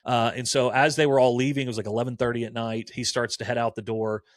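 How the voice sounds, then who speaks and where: Here a forties-aged campus minister, medium in pitch and quick in pace, chats casually through his stories and lively acts out what people said. There's no echo; the sound is clean and studio-like.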